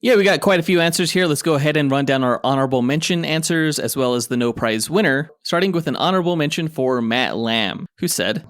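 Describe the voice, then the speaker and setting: A man's voice: fairly high pitch, animated, fairly quick, few pauses, dry recording. Man co-hosting a podcast, dry sound. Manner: upbeat promo reading. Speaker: podcast co-host. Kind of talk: casual podcast chat.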